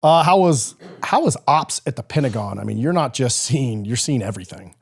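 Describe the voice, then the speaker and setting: A man's voice: mid-range voice, expressive, normal speed, creaky, breathy edge. Man asking questions casually. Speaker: podcast host.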